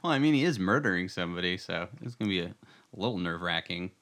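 A man's voice: deep voice, expressive, fast talker, a bit bright. A man co-hosting a casual chat about a TV episode, joking and laughing as he retells scenes. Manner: joking, laughs often, jumps into quoted voices. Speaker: podcast co-host.

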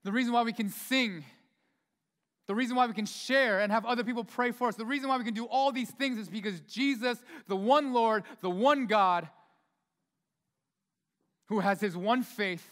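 High-voiced casual preacher in a reverberant church. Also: male voice, moderate pace, pauses often, a bit bright. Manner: casual, chatty preaching with many asides. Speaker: pastor. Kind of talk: sermon. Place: church sanctuary. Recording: long hall reverb in a church.

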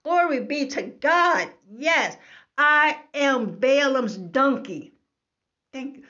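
Slow, emphatic woman preaching. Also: sits high, expressive, sharp tone. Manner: emphatic, repeats "okay?" to the listener. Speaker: Bible teacher. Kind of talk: preaching commentary on scripture. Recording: slightly dull lo-fi recording.

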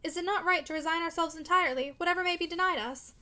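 A tender, torn young woman from a storybook, musing and tremulous, as a woman reads her. The voice is high, bright and quick.

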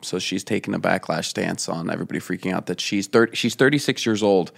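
A man's voice: deep voice, fast talker, creaky. A man co-hosting a podcast, recapping a news item in a matter-of-fact, casual way. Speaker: podcast co-host.

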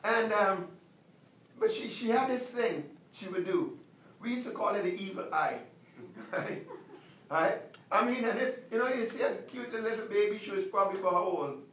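A male pastor preaching a sermon, emphatic, repeating commands and slowing down to stress them. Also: sits high, animated, fairly bright tone, roomy sound, distant mic, a little hiss or hum, rough recording.

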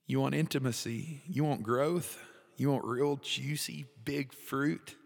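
Man quoting God: tender, patient, soft-spoken, low voice, reverberant room. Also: steady tone, moderate pace, husky. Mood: gentle. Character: tender loving male God, gentle and patient. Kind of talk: devotional storytelling.

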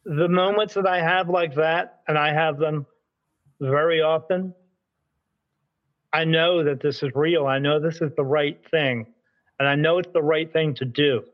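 Man, from Delaware, spirit medium, rambling anecdotes, slightly high voice, muffled lo-fi sound. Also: unhurried. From Delaware, United States. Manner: rambling, animated anecdote telling with acted quotes. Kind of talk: casual interview storytelling.

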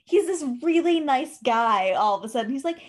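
Woman, high and lively, giggly outrage over a book plot. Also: moderate pace. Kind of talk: casual chat about a book.

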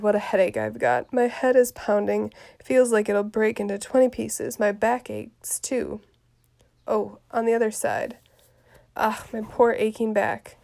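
A woman reading the part of a fussy, complaining old nursemaid aloud from a play, grumbling in a quiet voice. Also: medium pitch, vocal fry.

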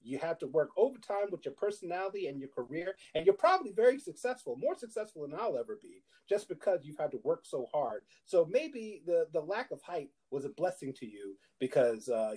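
A young man co-hosting a podcast, chatting casually and telling animated stories, acting out other people's lines. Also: a little fast, hardly any pauses, husky, poor audio. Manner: animated storyteller, acts out his wife's lines in a higher voice. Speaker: podcast co-host. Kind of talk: casual chat.

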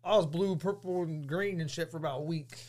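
High-voiced man, blunt co-host. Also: a little fast, darkish tone. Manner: blunt, swears freely. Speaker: podcast co-host. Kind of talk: casual interview chat.

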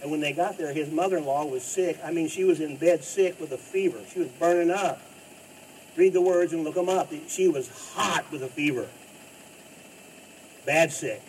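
A pastor preaching a sermon in an emphatic style, rising to loud bursts and dropping low. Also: male voice, normal speed. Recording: distant mic with faint noise.

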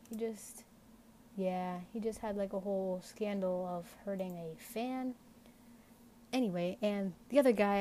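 A woman's voice: mid-range voice, mellow, slight background noise. A young woman hosting an unscripted podcast, talking casually and rambling with many fillers. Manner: rambling, lots of "like" fillers, candid. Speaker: podcast host.

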